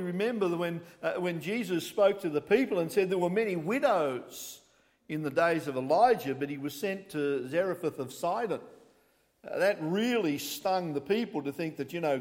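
A man's voice: a little high, darkish tone, big-room sound. A man preaching a sermon, emphatic, reading scripture aloud in old-fashioned wording.

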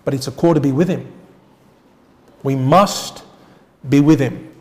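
A male pastor preaching a sermon with emphatic swings between loud declarations and quiet asides, often putting rhetorical questions to the congregation. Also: measured pace, big-room sound. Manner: emphatic, rising to loud declarations then dropping low.

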